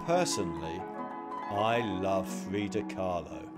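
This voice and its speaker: A man's voice: low-pitched, expressive, takes it slowly. A man giving a whimsical, declamatory scripted narration. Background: music.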